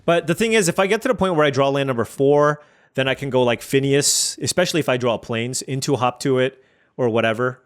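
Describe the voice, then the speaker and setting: A man with a medium-pitched, fairly quick voice streams a digital card game. He's chatty, thinking aloud over each play as he weighs his options.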